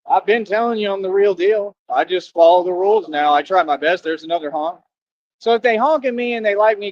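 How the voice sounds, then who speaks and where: A man's voice: fairly high pitch, dry recording, lo-fi sound. A man livestreaming a casual monologue outdoors by a road, talking in an emphatic, slangy way and repeating himself for stress. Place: outdoors near a road with passing traffic.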